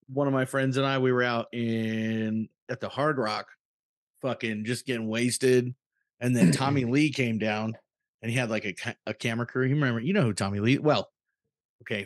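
Casting: mid-pitched man, relaxed co-host, crude and chatty, dry sound. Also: dry recording. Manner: laid-back, swearing, quick asides. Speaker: podcast co-host. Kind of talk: casual chat.

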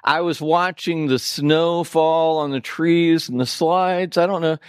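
A man's voice: a little high, fairly even intonation, measured pace, smooth, no echo, studio quality. A man from Indiana preaching a sermon as pastor, folksy and joking with the congregation in a church. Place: church sanctuary.

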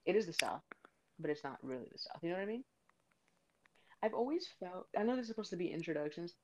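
A woman's voice: on the low side, big pitch swings, quick pace, dull audio, background noise. A young woman from South Florida hosting a casual podcast chat, rambling off on tangents and swearing freely. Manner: rambling, swears, says "you know what I mean" often. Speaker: podcast host.

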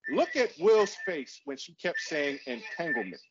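Man, casual chat, punchy and affirming, dull lo-fi sound, loud noise. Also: a little high, sing-song, unhurried. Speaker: podcast co-host.

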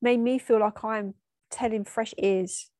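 A woman telling a painful personal memory, tearful and halting, often stopping and restarting. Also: a little high, steady tone, darkish tone, no echo, studio quality. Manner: halting, emotional storytelling with restarts. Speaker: storyteller. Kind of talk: personal spoken memoir.

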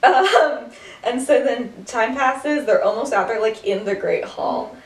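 A woman's voice: fairly high pitch, unhurried. A woman casually retelling a story with lots of fillers and laughs. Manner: rambling, many "like" fillers, frequent laughter. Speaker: podcast co-host retelling a story. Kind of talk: casual chat. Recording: echoey room, distant mic.

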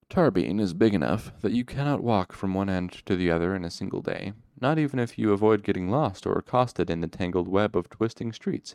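A man reading a novel aloud in the first person, with measured, steady storytelling. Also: low voice, creaky, no echo, clean studio sound. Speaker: audiobook reader.

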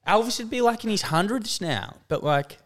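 Lively, nasal young man. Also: sits high, moderate pace. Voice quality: whiny, nasal. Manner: animated storytelling, says "mate". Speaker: podcast co-host. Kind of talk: casual banter.

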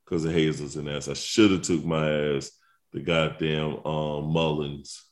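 A man's voice: a bass voice, measured pace. A man, co-hosting a podcast in casual, profane, joking chat. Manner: profane, joking, animated storytelling. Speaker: podcast co-host. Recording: roomy echo.

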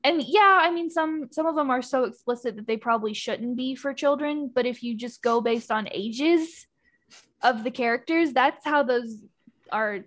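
A woman with a slightly high voice co-hosts a relaxed book discussion. She talks with firm opinions and breaks into laughter easily. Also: normal speed. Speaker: podcast co-host. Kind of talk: casual book chat.

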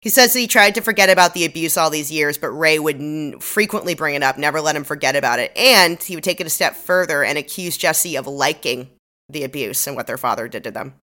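Low-voiced, bright-toned woman podcaster. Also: animated, a little fast. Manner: emotional, swears freely, retells scenes with quoted lines. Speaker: podcast co-host. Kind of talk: casual recap chat.

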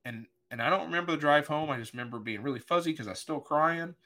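A man's voice: a little high, fast talker, sharp tone. A middle-aged man, a pastor, telling a personal story in an earnest, emotional way during a podcast conversation. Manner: earnest, emotional, vivid retelling with voiced quotes.

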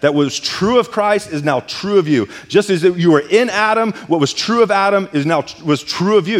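Emphatic male pastor in a reverberant church. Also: on the high side. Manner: emphatic, repeats words when stressing a point. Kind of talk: sermon. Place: church sanctuary. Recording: long church hall reverb.

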